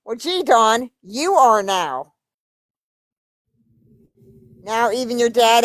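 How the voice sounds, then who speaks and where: A woman's voice: on the high side, dry recording. Woman, reads emails aloud, cuts in with blunt cursing asides, dry close sound. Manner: blunt, profane asides between readings. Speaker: YouTube commentator. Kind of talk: reading emails aloud with commentary.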